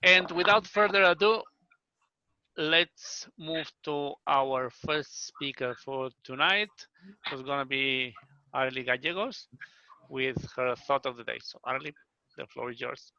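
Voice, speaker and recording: A man's voice: medium pitch, unhurried, bright, forceful tone, smooth, dry recording. A man hosting an online speaking club meeting, chatty and self-deprecating, talking over a computer mic on a call. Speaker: meeting host. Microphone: computer mic on video call. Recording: dry, slightly dull call audio.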